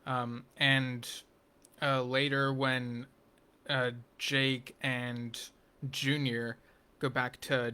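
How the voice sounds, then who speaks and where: A man's voice: mid-range voice, sharp tone, clean tone. A man giving a casual spoken review of a TV episode, rambling with frequent ums and restarts and dropping wry, geeky asides.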